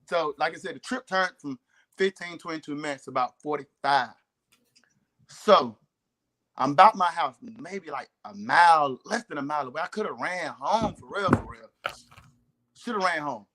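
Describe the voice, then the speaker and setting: Fast-talking Southern man with a slurred drawl. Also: a little high, sharp tone. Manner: fast, slurred, laid-back drawl with frequent fillers. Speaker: podcast co-host. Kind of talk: casual storytelling chat.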